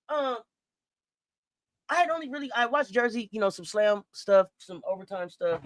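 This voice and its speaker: A man co-hosting a casual basketball talk show, animated and playful, repeating himself as he restarts thoughts. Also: high voice, moderate pace, long pauses, dry recording. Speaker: podcast co-host. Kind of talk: casual sports chat.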